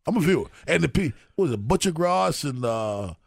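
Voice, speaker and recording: A man's voice: a little high, very animated, brisk, gravelly, no echo, clean studio sound. A man co-hosting a sports radio show, talking casually and laughing often as he rambles.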